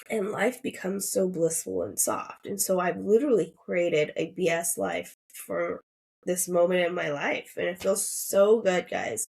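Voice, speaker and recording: A woman's voice: on the low side, gravelly. Congested woman hosting a spiritual podcast. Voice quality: slightly nasal from congestion. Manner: earnest, upbeat spiritual musing. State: sick, congested and coughing. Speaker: podcast host. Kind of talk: solo podcast monologue.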